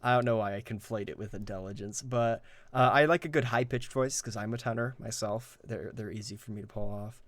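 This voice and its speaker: A man's voice: lowish voice, brisk, few pauses, dry recording. A man chatting casually as a guest game master, rambling and self-deprecating with lots of fillers and restarts. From Ireland. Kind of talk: casual interview chat.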